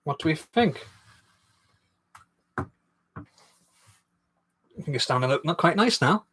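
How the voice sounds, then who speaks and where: A man's voice: on the high side, expressive, measured pace, a bit bright, breathy edge. A man hosting a casual live stream while building a toy set, rambling and self-deprecating as he reads viewer comments aloud.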